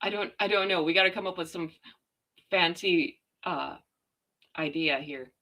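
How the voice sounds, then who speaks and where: A Canadian woman hosting a casual live chat from home, chatty and quick to laugh as she talks to her viewers and her dogs. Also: lowish voice, sharp tone. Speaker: livestream host.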